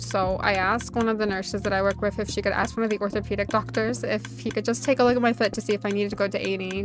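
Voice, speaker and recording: A woman chats casually while streaming a game from her home setup, rambling through a story with frequent "like" fillers. She speaks at a middling pitch into a desk microphone, with soft music playing faintly underneath. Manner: chatty storytelling, full of "like" fillers. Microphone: desk USB microphone. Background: faint background music.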